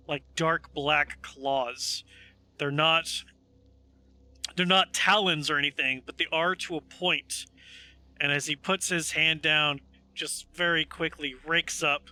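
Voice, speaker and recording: A man running a tabletop game as game master, explaining rules and narrating at an unhurried pace with many restarts. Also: fairly high pitch, pushed and bright, smooth. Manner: unhurried, with frequent restarts and asides.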